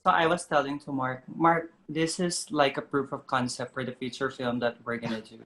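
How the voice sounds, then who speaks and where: A woman's voice: a bass voice, fairly even intonation, normal speed, a bit bright, low-quality recording. A woman writer and actress talking earnestly about her short film in a casual interview.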